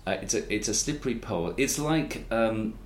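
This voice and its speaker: Host: man, lowish voice, chatty and digressive, echoey room with light hiss. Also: lively intonation, moderate pace. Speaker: interviewer, podcast host. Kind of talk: conversational interview. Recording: roomy echo with faint noise.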